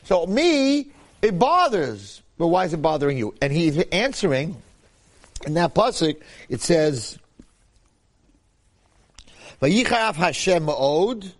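Guy teaching torah informally, kinda high voice, lots of repeating and acting stuff out. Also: takes it slowly, pauses often. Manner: animated, acts out quotes, repeats phrases.

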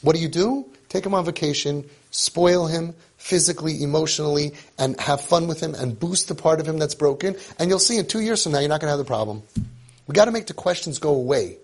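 A man's voice: fairly high pitch, brisk, breathy edge. A man coaching parents in an informal lecture, emphatic and repetitive, who drops Hebrew and Yiddish terms into his talk. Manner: acts out parents and kids in quotes.

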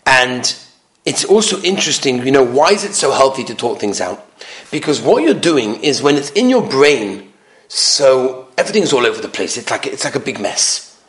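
A man, a rabbi, giving an animated lecture full of anecdotes, driving points home with emphatic repetition. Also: mid-range voice, normal speed. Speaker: rabbi giving a talk on marriage. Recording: roomy echo.

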